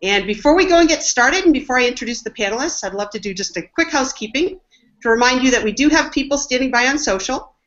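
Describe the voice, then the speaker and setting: A woman hosts an online business panel, giving upbeat, enthusiastic introductions. Her voice sits fairly high. The audio is muffled and lo-fi, like a webinar stream. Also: lively intonation, fast, fairly bright tone. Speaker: webinar host, marketing executive.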